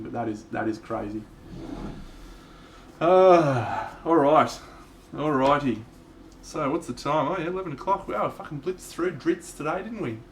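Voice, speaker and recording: A man's voice: mid-range voice, slight background noise. Aussie bloke streaming his painting, swears a lot, echoey room. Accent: Australian. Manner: swears freely, laid-back and chatty. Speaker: miniature painter streaming live. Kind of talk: casual live-stream chat.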